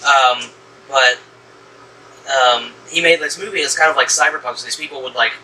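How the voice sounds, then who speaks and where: A man's voice: mid-range voice, moderate pace, sharp tone. A man from the American South hosting a casual movie review chat, rambling with lots of fillers and restarts. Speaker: horror movie reviewer, host. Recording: distant mic with faint room hum.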